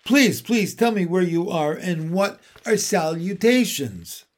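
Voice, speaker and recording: A man's voice: sits high, lively intonation, takes it slowly. A man voicing an eager, polite young male pig in a storybook reading, earnest and a little formal. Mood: excited.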